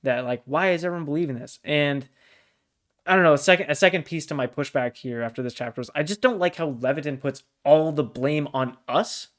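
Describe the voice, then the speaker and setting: Blunt, fired-up man with a higher voice. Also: brisk. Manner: blunt, exasperated, swears freely. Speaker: podcast co-host. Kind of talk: casual book discussion.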